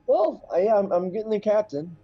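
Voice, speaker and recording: A man's voice: high-pitched, animated, brisk, dull audio. A man playing a tabletop game, casual and joking crudely with the table. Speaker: player.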